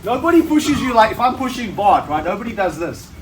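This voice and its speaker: A middle-aged man leads a seminar class on self-defense in a relaxed, conversational way, tagging nearly every point with a quick check-in. His voice sits high for a man. The sound is roomy and distant, with faint ambience behind. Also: a little hiss or hum. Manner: conversational, checks in with "right?" constantly. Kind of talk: seminar teaching. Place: training hall at a seminar. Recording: echoey hall, mic from far off.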